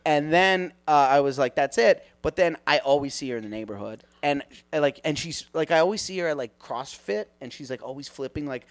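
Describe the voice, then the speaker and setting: High pitched guy from canada, super animated storyteller on a comedy podcast, voice jumps all over. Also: fairly quick, few pauses, dry recording. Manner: animated, acts out quotes, laughs often. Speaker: podcast guest.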